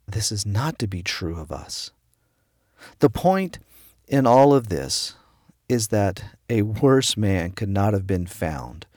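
A middle-aged pastor with a somewhat low, darkish voice gives a devotional sermon, recorded with studio quality and no room sound. He tells a personal story, quoting the people in it by raising his own voice.

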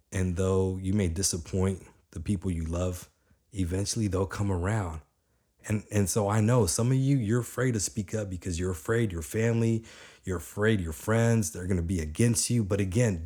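A young adult man giving a motivational talk in an energetic, conversational way, repeating lines for emphasis. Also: deep voice, husky. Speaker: motivational speaker.

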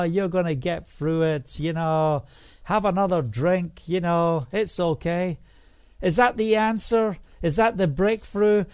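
A man with a high voice preaches his testimony. He shifts between quiet, low storytelling and loud, emphatic calls. The recording is dry and close, with little room sound. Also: no room sound. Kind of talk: sermon testimony.

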